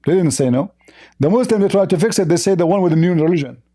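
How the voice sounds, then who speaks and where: Combative, mocking male debater, mellow voice. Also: high-pitched, animated, fast talker. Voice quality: non-native English phrasing. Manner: combative and mocking, with blunt insults; reads out quoted lines in changing voices. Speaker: religious debater. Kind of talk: heated debate.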